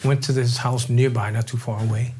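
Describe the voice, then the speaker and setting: Husky older man telling stories. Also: mid-range voice, fairly quick. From New Orleans, Louisiana. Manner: animated storyteller, acts out quoted voices, laughs often. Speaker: guest drummer. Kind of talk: casual interview storytelling.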